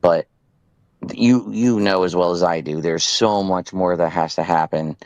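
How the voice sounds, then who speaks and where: Man, drunk, low-pitched, earnest, repetitive, reassuring, dry sound. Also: measured pace, darkish tone, no room sound, dull audio. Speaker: streamer on a call. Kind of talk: late-night call between streamers.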